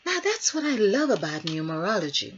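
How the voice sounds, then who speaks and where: A woman's voice: mid-range voice, big pitch swings, fairly quick, husky. A woman who works as a healer, giving a spiritual numerology talk in a rambling, musing way with storytelling asides. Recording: dull lo-fi recording.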